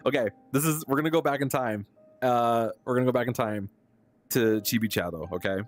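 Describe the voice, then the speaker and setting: A man's voice: mid-range voice, fairly quick, soft background music. A young adult man, a live streamer, telling a story casually and with animation, laughing often and using lots of fillers.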